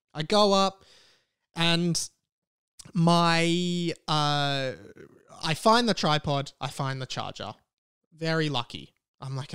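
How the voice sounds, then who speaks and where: Young Aussie male host, brisk rambling storyteller, slightly high, smooth clear voice, dry close room. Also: dry recording. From Australia. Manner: animated, breathless venting. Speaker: podcast host.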